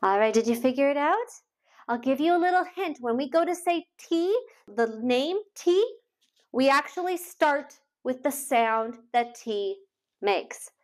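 Young lady teacher doing a kids phonics lesson, high bright voice, slow and sing-songy. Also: lively intonation, faint music behind. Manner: slow, sing-song and encouraging, sounding out letters. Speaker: children's teacher.

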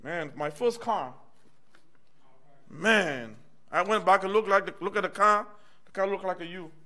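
Man preaching in a church, fairly high voice. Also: a little slow, sharp tone. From United States. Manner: conversational, calls out "amen" and "y'all" to the congregation. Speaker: minister. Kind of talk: personal testimony sermon.

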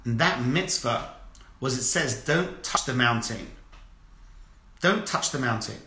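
A man giving a lively lecture as a rabbi, asking the audience questions over and over and telling stories with energy. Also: medium pitch, measured pace, reverberant, background noise. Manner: asks repeated rhetorical questions, animated storytelling.

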